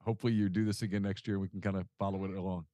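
A man hosting a sports podcast, talking in a relaxed, easygoing way with plenty of fillers. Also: sits low, rapid-fire, dry recording. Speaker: podcast host. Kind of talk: casual interview chat.

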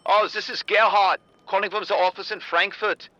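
A man putting on a German executive who speaks high and hushed, as if from down a phone line. His voice is noticeably lifted and kept soft and official, with a German accent. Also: fairly even intonation, normal speed, no room sound. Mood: officious. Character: fake German male executive, smooth.

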